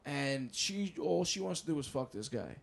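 A man's voice: a little high, very animated, normal speed, creaky, breathy edge. A man co-hosting a casual podcast, telling rambling, profane stories. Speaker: podcast co-host.

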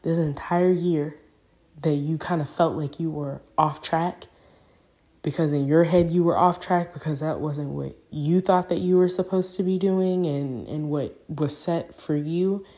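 Young woman, podcast host, low voice, mellow tone, rambling reflective monologue, lots of fillers. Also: steady tone, a little slow. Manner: rambling, filler-heavy, openly emotional.

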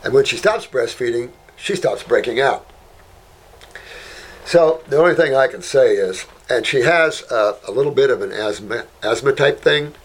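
A man's voice: mid-range voice, lively intonation, normal speed, breathy edge. A man hosting a casual health talk, answering viewer questions in a folksy, rambling way and calling listeners honey.

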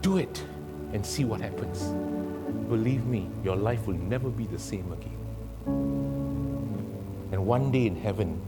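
A man's voice: lowish voice, lively intonation, measured pace, pauses often. Dramatic male preacher over background music. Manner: dramatic storytelling, swinging from loud to hushed. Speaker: guest preacher. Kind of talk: sermon.

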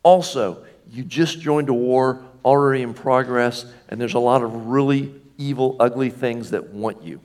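A middle-aged man preaching a sermon as a pastor, animated and conversational, acting out little scenes with jokey asides. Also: mid-range voice, normal speed, few pauses.

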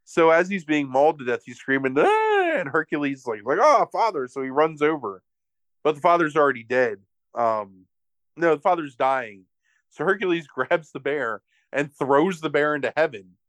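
A man's voice: a little high, moderate pace, no room sound. A young man hosting a podcast, animatedly retelling a film with profanity and acted-out voices. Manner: animated, profane, acts out characters. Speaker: podcast host. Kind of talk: casual chat, comic movie recap.

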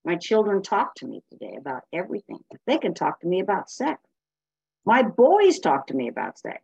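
A woman's voice: medium pitch, wildly swooping pitch, a little fast, gravelly, a little mellow, slightly rough, no room sound, dull audio. A woman giving a blunt, emphatic personal share as a speaker at a recovery meeting.

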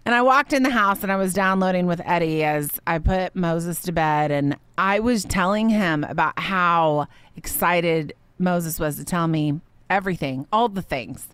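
A woman's voice: lowish voice, measured pace, hardly any pauses, a bit bright, smooth, no room sound. A woman in her thirties hosting a faith podcast, telling a personal story in a rambling, emotional way with many fillers. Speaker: podcast host.

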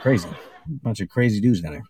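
A man's voice: on the low side, lively intonation, a little fast. A man telling stories in a casual chat, laughing often and slipping into voices for the people he quotes. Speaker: podcast guest. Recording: faint background noise.

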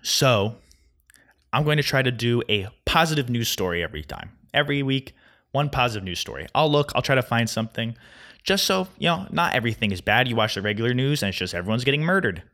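A young man hosting a solo podcast, rambling through a casual rant at a quick, anxious clip. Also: medium pitch, animated, pushed and bright. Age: young adult. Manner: fast, rambling, anxious storytelling. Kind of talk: casual ranting monologue. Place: Chicago.

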